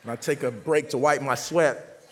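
A man in his forties preaching a sermon in a casual, repetitive way, swinging between loud outbursts and quiet passages. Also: medium pitch, moderate pace, in a large hall. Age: 40s. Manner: conversational, repetitive, dynamic shifts from loud to quiet. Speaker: pastor. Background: faint band music.

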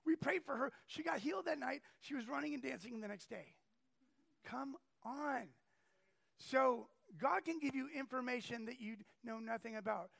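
A man delivers a storytelling sermon in a strikingly high voice with heavy, gravelly fry. He keeps things animated, jumping into the voices of the people in his stories. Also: normal speed. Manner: animated, acts out quoted people. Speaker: preacher.

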